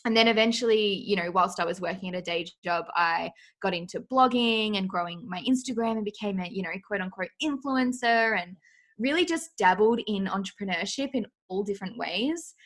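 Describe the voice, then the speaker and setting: A woman's voice: medium pitch, fairly quick, fairly bright tone. Woman, Australian accent, podcast guest, casual chat, playful, chatty. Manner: playful, chatty, laughs easily. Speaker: guest, business coach.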